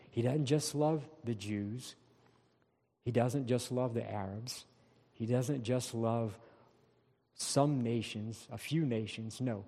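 A male pastor preaching a sermon, slowing down to stress key words of scripture. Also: medium pitch, dark tone. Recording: long reverb of a large hall.

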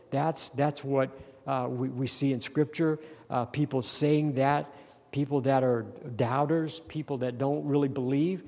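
A man preaching a sermon in an earnest tone, slowing down to read scripture and dropping soft when he prays. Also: mid-range voice, gravelly, big-room sound. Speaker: pastor.

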